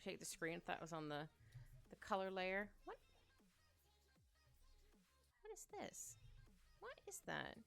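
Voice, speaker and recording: Lively, gravelly-voiced woman streamer chatting. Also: mid-range voice. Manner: chatty, thinks aloud and hums to herself. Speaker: streamer drawing live. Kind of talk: casual chat while drawing. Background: faint background music.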